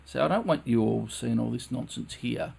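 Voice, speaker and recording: Male brass teacher, mid-pitched, earnest, repeats himself to drive the point home; live stream from his studio. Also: normal speed, creaky, a little mellow, slightly rough. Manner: earnest, repeats phrases for emphasis. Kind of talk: live-streamed music lesson. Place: his own recording studio.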